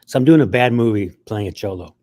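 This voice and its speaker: A male writer and actor telling stories in an interview, animated and acting out bits along the way. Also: lowish voice, quick pace. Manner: animated, acts out voices, frequent restarts. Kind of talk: interview storytelling.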